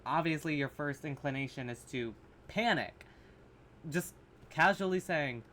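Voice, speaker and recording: A man's voice: on the high side, animated, moderate pace, a bit bright, slight background noise. A man casually reacting to horror short films, blunt and sarcastic, swearing freely and restarting his sentences. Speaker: reaction video host.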